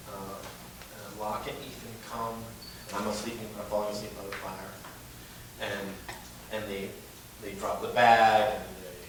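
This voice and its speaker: On a fan convention panel, a male actor with a fairly low voice rambles through stories in casual Q&A style, stumbling over fillers and laughing often. He holds the handheld mic away from his mouth, so in the large, echoey hall his voice sounds distant and mixed with background noise.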